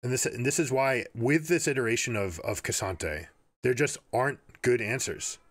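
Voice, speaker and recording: A man's voice: mid-range voice, moderate pace, no echo. A man with a mid-range voice breaks down esports play and slips into coaching advice as he goes. He talks with energy and often repeats words while he works out a point. The recording is dry and close, with almost no room sound. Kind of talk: game analysis with coaching advice.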